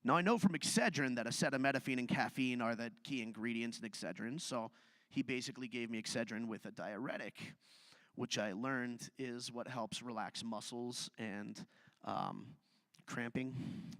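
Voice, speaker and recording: A man's voice: mid-range voice, moderate pace, a bit bright, no echo. A man doing a live stand-up set on a theatre stage, telling self-deprecating stories in a conversational way. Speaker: stand-up comedian.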